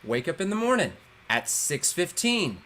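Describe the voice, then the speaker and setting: Animated male stand-up comic on a video call. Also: high voice, moderate pace. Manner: animated storytelling with loud acted-out shouts. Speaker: comedian. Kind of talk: stand-up comedy set.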